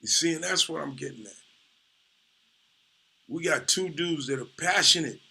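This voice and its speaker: A man's voice: on the high side, normal speed, vocal fry, bright, forceful tone, a little hiss or hum. A man, a comedian, telling a profane, laid-back story full of "you know"s. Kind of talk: casual storytelling.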